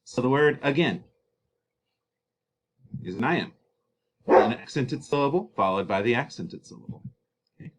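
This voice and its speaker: A man's voice: mid-range voice, animated, moderate pace, long pauses, a little hiss or hum. A man, an English teacher, giving a casual recorded slideshow lesson with joking asides and many fillers.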